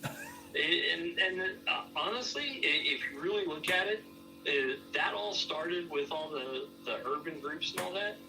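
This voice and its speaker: A man in easy podcast chat, winding through anecdotes and leaning on "I kid you not". He sits back from the microphone, so his voice sounds distant. A clear music bed plays behind him the whole time. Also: a little high, animated, unhurried. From Southern California. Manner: rambling storyteller, frequent "I kid you not". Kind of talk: casual chat.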